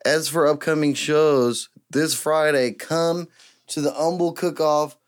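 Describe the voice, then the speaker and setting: A man hosting a podcast in a casual, joking, rambling way, getting excited as he riffs. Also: a little high, slow pace. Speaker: podcast host and guitarist.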